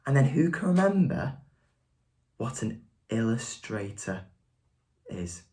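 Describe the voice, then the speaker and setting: Low-voiced encouraging woman teacher. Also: big pitch swings, takes it slowly, mellow. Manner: encouraging, praising, coaxing questions. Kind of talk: reading a picture book aloud to children.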